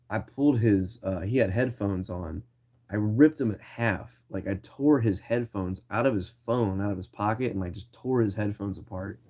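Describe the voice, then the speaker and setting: A man's voice: lowish voice, mellow, muffled recording. A young man telling a story in a casual, slangy way, full of swearing and acted-out quoted lines.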